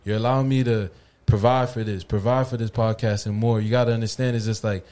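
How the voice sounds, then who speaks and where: A man's voice: on the low side, steady tone, fast talker, dark tone. Laid-back man giving slangy advice. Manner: slangy, preachy motivational talk. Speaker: podcast co-host. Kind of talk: casual chat.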